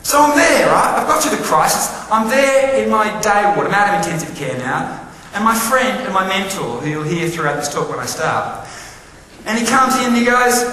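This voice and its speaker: A man's voice: high-pitched, expressive, moderate pace. A middle-aged man giving a talk, telling a personal story in a conversational way and acting out the dialogue. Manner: conversational, acts out dialogue, drops to quiet intense tones. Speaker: public speaker. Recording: echoey hall, distant mic, faint noise.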